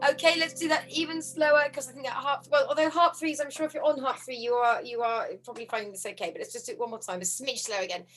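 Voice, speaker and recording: A woman's voice: sits high, fast, hardly any pauses. A woman teaching a harp ensemble over a video call, friendly and encouraging, counting beats aloud and humming the parts. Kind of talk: online music lesson, counting beats. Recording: harp music under the voice.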